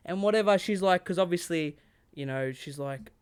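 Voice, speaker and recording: Smooth-voiced rambling Australian man. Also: high-pitched, moderate pace, no echo. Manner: rambling, swearing storyteller. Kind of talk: casual chat.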